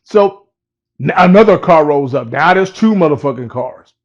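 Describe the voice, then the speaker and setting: A man's voice: on the high side, lively intonation, moderate pace. A man casually telling a personal story in a profane, laid-back way and laughing at it. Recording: dull lo-fi recording.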